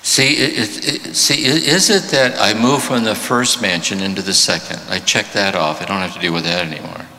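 A man's voice: on the low side, moderate pace, few pauses. A man teaching at a spiritual retreat, telling jokes and stories, then answering questions reflectively. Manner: animated storytelling, reflective. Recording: reverberant hall.

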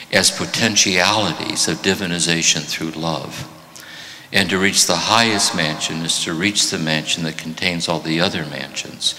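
A man's voice: low voice, a little hiss or hum. A man teaching at a spiritual retreat, telling jokes and stories, then answering questions reflectively. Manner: animated storytelling, reflective. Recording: reverberant hall.

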